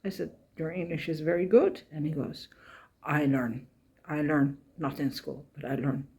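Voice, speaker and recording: A woman's voice: low-pitched, steady tone, moderate pace, a little mellow, breathy edge. A woman on a walking pilgrimage, chatting casually to camera as she tells the day's story, emotional and close to tears. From Ireland. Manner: chatty storytelling, retelling conversations. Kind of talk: casual travel vlog.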